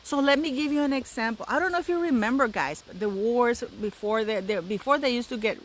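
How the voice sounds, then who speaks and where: A woman's voice: fairly high pitch, brisk, poor audio. A woman in her fifties hosting a solo commentary channel, talking in an emphatic, indignant way and repeating words for stress. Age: 50s.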